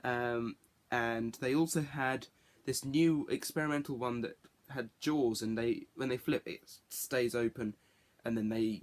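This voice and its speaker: A man's voice: medium pitch, fairly even intonation, a little slow. A man giving a casual spoken review, rambling and correcting himself as he goes. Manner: rambling, self-correcting, chatty. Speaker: TV show reviewer.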